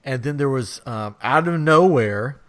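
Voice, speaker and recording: A man's voice: mid-range voice, animated, measured pace. A man hosting a podcast, telling a rambling funny story in a casual chat and laughing as he goes. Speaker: podcast host.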